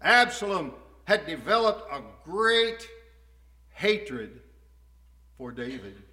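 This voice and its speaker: A man preaching a sermon, his delivery swinging from hushed, tender lows to ringing, fervent highs. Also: big pitch swings, slow pace.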